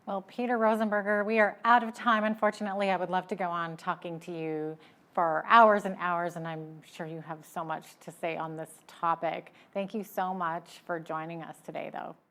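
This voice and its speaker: A woman with a somewhat low voice hosts a TV news interview. She responds eagerly, affirming and building on what her guest says. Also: fairly even intonation, normal speed, fairly bright tone. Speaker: news show host.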